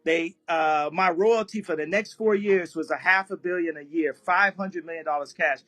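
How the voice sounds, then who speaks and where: A man's voice: on the high side, normal speed, fairly bright tone, soft background music. A man telling a story in a casual live chat, often breaking into laughter as he talks. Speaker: guest speaker on an audio chat room.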